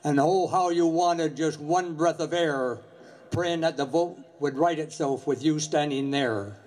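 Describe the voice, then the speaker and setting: Older guy giving a memorial day speech, slow earnest storytelling, voice sits a bit high. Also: darkish tone. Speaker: retired Coast Guard station commander.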